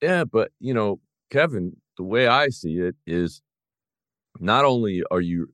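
A man's voice: lowish voice, expressive, measured pace, a bit bright, no echo. A man hosting an interview, reflecting at length on what the guest just told him. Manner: thoughtful, reflective asides. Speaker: podcast host. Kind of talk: interview talk.

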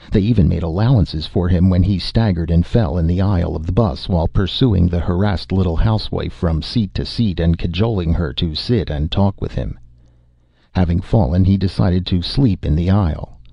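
Audiobook narrator, man, very low and gravelly, slightly husky, dry close recording. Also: no room sound, lo-fi sound. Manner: steady, measured storytelling.

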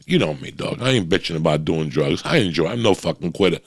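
A man's voice: low voice, expressive, fast talker, few pauses, no room sound. A middle-aged man hosting a podcast, talking bluntly and confessionally with constant swearing and a slight wheeze. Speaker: podcast host. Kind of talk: candid podcast monologue. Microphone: podcast microphone.

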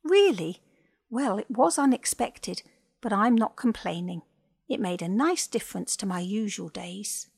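A woman reading as a kind, cheerful young vet in a storybook, her gravelly, slightly husky voice bright and encouraging as she reassures her animal patients. She sits at a middle pitch. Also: expressive, measured pace, dry recording, clean studio sound, heavily acted.

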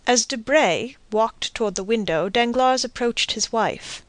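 A woman's voice: a little high, unhurried, hardly any pauses, no room sound. Woman reading a classic novel, dry studio. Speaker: audiobook narrator. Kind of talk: scripted narration.

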